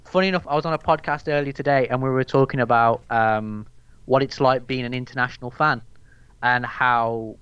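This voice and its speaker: A man's voice: medium pitch, steady tone, fairly quick, a bit bright, smooth, no room sound, dull audio. A young man with a Birmingham accent chatting casually as a podcast guest, rambling and swearing with lots of fillers. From England. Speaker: guest, MMA news account runner.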